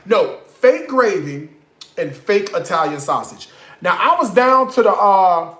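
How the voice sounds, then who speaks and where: A man's voice: sits high, very animated, measured pace, fairly bright tone, roomy sound. A man hosting a casual home cooking tutorial in his kitchen, sassy and profane, tipsy from liquor as he rants about bad food. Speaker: home cook, cooking show host.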